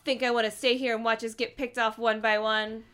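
A woman reading a book aloud in a comedic group reading, sarcastic and quick to laugh. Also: a little high, little pitch movement, bright, forceful tone. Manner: sarcastic, swears, laughs often.

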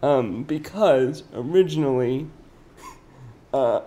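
A man co-hosting a casual podcast about old films, talking in an animated, chatty way with lots of fillers. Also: mid-range voice, slow pace. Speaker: podcast co-host. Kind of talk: casual film discussion. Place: indoor podcast recording.

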